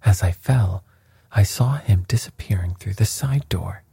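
A man whispering the part of a shaken noblewoman in hushed, breathless retelling, as whispered role-play. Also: lowish voice, unhurried, gravelly, husky, heavily acted.

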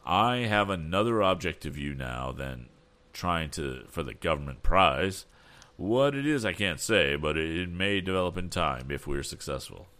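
A man reading an audiobook, voicing an aged, cautious male inventor who speaks slowly and gravely. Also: sits low, animated, sharp tone.

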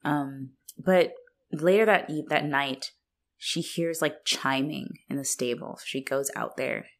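A woman's voice: low voice, slow pace. A woman co-hosting a casual chat about a film, joking playfully and filling her sentences with likes. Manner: playful, jokey, uses lots of likes. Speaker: podcast co-host.

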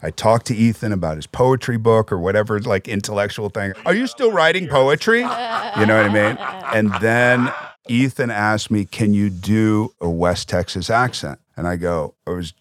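A man talking as a podcast guest, telling animated anecdotes in casual, swearing conversation on a studio mic. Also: on the low side, moderate pace, a crowd in the background.

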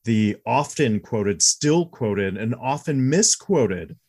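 Husky-voiced man chatting about movies. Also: medium pitch, lively intonation, takes it slowly, few pauses, a little mellow. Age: 40s. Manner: chatty, candid, laughs easily. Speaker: podcast co-host. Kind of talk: casual movie review chat.

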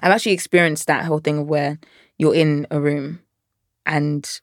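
A woman hosting a podcast interview, chatting casually and asking questions in a soft conversational way. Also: deep voice, steady tone, normal speed, no echo, studio quality.

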